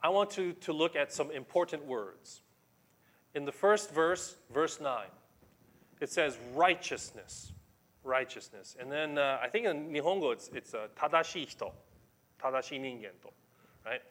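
A man's voice: a little high, animated, normal speed, a bit bright. A middle-aged man preaching a sermon as pastor, emphatic and conversational, explaining scripture to his congregation.

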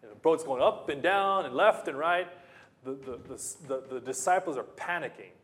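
Male preacher, slightly high voice, emphatic, with rhetorical questions and repeats. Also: lively intonation, normal speed. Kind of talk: sermon.

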